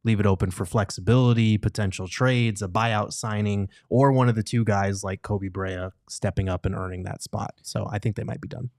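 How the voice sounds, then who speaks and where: A man co-hosting a sports podcast who gives his take in a relaxed, matter-of-fact way. His voice is fairly low, and the sound is close and dry, with no room in it. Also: normal speed, hardly any pauses, no room sound. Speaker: podcast co-host. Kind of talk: casual sports podcast chat.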